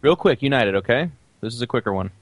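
Relaxed man telling a quick story. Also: medium pitch, no echo. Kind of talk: casual storytelling.

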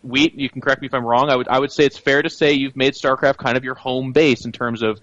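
A man's voice: medium pitch, level tone, quick pace, a bit bright, no echo, muffled recording. A man co-hosting an esports podcast, making his case in long, opinionated runs. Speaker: podcast co-host. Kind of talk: casual esports podcast chat.

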